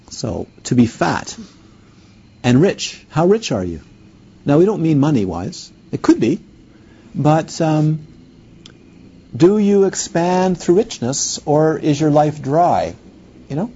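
Mellow, lively-voiced male meditation teacher. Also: fairly high pitch, dull audio, a little hiss or hum. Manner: unhurried, playful, asks the listeners questions. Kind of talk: dharma talk.

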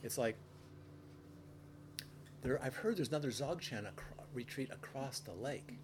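A man teaching meditation in a relaxed dharma talk, telling anecdotes with frequent restarts and playful quoted voices, with faint noise behind. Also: mid-range voice, a little slow.

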